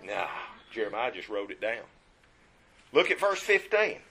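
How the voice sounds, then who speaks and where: A man preaching a sermon in church. He reads scripture aloud, quizzes the congregation, and swings from hushed asides to emphatic lines. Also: lowish voice, sing-song, measured pace, a little hiss or hum.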